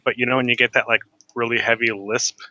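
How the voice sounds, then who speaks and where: Bright-voiced easygoing man gamer. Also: mid-range voice, little pitch movement, highs cut off. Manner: easygoing, hesitant, halting restarts. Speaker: co-player. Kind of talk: casual chat while playing a game.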